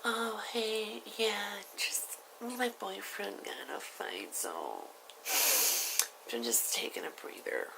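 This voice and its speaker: A man voicing a tipsy woman in her fifties in a raised, breathy, half-whispered voice. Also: sits high, wildly swooping pitch, slow pace, noisy background, voice pushed up, exaggerated voice. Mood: weary.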